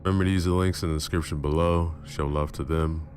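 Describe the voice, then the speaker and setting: A man hosting a channel who narrates a first-person horror story in a dramatic, measured way. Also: rumbling low, steady tone, darkish tone. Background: music.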